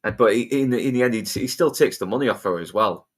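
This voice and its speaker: A man talking through a film in a casual podcast chat with a lowish voice. He rambles, swears constantly and keeps restarting his sentences. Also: quick pace. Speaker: podcast co-host.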